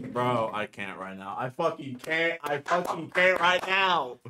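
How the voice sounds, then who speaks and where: Excitable young man, very lively pitch. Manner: excitable, slangy, blurting confused outbursts. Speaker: anime reactor. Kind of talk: reaction video commentary. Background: film soundtrack music.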